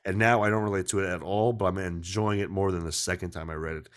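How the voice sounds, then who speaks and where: A man's voice: sits low, steady tone, fast. A man hosting a podcast over a video call, rambling casually, swearing often and cutting himself off mid-sentence. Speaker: podcast host.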